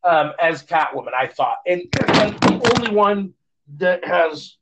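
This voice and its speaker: A man's voice: a little high, lively intonation, unhurried, heavy background noise. A man co-hosting a podcast, chatting casually and rambling with many fillers and restarts, on a phone. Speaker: podcast co-host. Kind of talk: casual chat. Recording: dull lo-fi phone audio.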